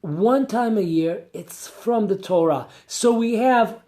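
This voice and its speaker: A man's voice: sits high, takes it slowly, warm tone. A man, a rabbi, giving a conversational Torah class with rhetorical questions and asides. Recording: echoey room.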